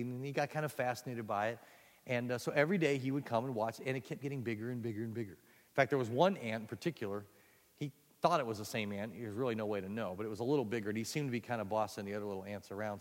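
A man preaching through a folksy, animated story, his voice at a middling pitch. The room carries a long echo like a large church hall. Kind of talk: sermon storytelling. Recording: echoey hall.

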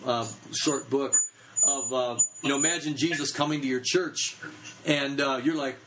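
A man's voice: medium pitch, fairly even intonation, normal speed, a bit bright, low-quality recording. A man in his thirties giving a casual teaching talk on children's ministry, chatty and full of fillers.

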